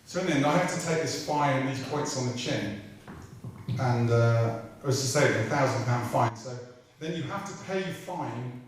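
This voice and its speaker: A middle-aged British man spins comic anecdotes in a chatty, irreverent way, swearing freely. His voice sits at a mid pitch and sounds far from the microphone. A strong roomy echo from a large hall surrounds every word. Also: moderate pace. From Britain. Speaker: racing driver guest. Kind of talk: comic anecdote telling at a live evening. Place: large room at a live talk event.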